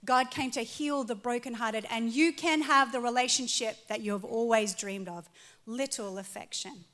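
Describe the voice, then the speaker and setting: A woman in her forties preaching a sermon to a live audience, telling a funny story about her marriage. She is animated and pokes fun at herself, swinging from soft to loud. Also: a little high, normal speed. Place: stage before a live audience.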